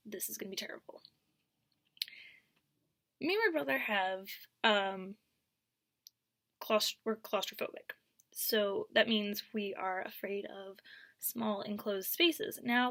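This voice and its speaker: A young woman telling a storytime vlog, animated, dropping to whispers and then rising to loud bursts. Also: medium pitch, no room sound, studio quality. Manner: animated, swings from whispers to near-shouts. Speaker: vlogger.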